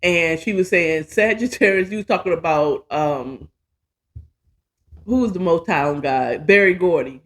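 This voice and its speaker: A woman's voice: lowish voice, a little slow. A woman hosting her own show, telling a personal story in a casual, candid and profane monologue, often poking fun at herself. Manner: candid, profane, chatty and self-mocking. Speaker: podcast host.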